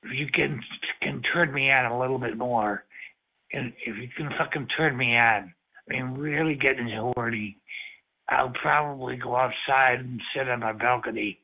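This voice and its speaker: Man, chatline caller, slow, rambling, moaning, mid-pitched, tinny phone line. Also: slightly rough. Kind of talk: explicit phone chat.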